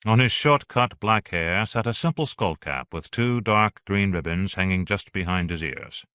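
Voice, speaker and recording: A man narrating an audiobook in a steady, even reading voice. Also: low voice, moderate pace, clear, resonant tone, dry recording.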